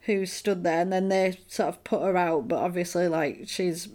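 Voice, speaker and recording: A woman, co-hosting a podcast and recapping a film in a casual chat, animated and acting out quotes. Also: on the low side, moderate pace, slight background noise. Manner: animated storyteller, acts out quotes.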